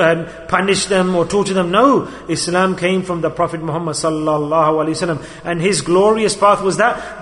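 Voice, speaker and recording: A man preaching a sermon in a storytelling style, moving between loud emphasis and quiet asides. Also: high voice. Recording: long hall reverb.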